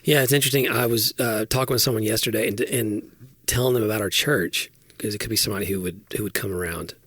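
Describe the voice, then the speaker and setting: A man's voice: on the low side, fast talker, a bit bright, breathy edge, no room sound, studio quality. A man in his forties, a podcast co-host talking things through in a reflective, casual way. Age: 40s. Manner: reflective, thinks aloud with restarts. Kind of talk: casual chat.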